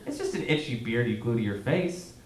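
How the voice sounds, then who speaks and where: Speaking fairly quickly in a medium pitch with lively intonation, a man performs a stand-up set in a small theater. He keeps it chatty and quizzes the crowd, whose laughter rings through the roomy live recording.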